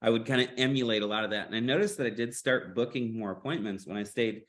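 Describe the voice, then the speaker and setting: Laid-back man, mid-pitched. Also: fast, a bit bright. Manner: laid-back, rambling, with hesitant fillers. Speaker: podcast co-host, insurance sales agent. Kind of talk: casual podcast chat.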